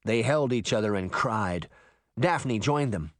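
A man narrating an audiobook, telling the story in an expressive way. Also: fairly low pitch, measured pace, no room sound, clean studio sound.

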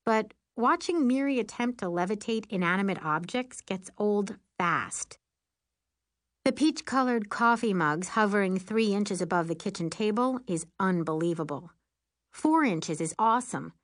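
A woman narrating a first-person audiobook in a lively, wry, expressive way. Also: mid-range voice, measured pace, no room sound, studio quality.

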